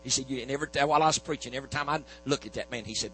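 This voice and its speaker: A man's voice: mid-range voice, very fast, few pauses, fairly bright tone, slight background noise, poor audio. A man preaching a sermon, telling a healing story in a folksy back-and-forth of "I said, he said". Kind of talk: sermon testimony.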